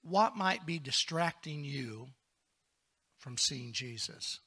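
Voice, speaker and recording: A man preaching a sermon as pastor, moving between hushed, whispered lines and loud, shouted passages, asking the congregation to respond. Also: on the high side, expressive, slow pace, husky.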